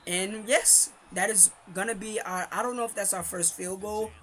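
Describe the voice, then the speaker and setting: High-voiced young man chatting over gameplay. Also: normal speed, fairly bright tone. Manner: chatty, rambling, hypes his team and slams his kicker; chewing gum while talking. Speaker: gaming commentator. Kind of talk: casual gameplay commentary.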